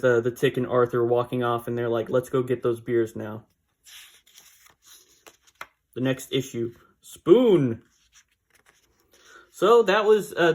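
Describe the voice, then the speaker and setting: A man casually recapping a comic book issue, rambling with fillers and small laughs. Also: medium pitch.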